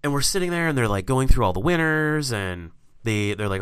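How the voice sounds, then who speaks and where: A man co-hosting a casual chat, telling animated, profane stories. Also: medium pitch, brisk, smooth, no echo. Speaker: podcast co-host.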